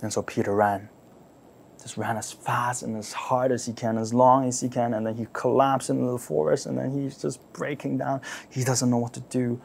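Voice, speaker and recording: A man preaching, retelling a story dramatically, repeating phrases and asking listeners to imagine the scene, swinging from loud outbursts to near-whispers. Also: mid-range voice, flat delivery, normal speed, gravelly, slight background noise. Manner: repeats words and phrases for emphasis; asks listeners to imagine, rhetorical questions. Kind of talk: sermon storytelling.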